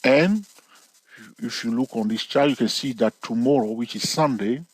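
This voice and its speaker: A man teaching a trading lesson as he walks through a chart, explaining step by step and often pausing on "okay" and "all right". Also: mid-range voice, husky, no room sound, rough recording. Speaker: trading educator.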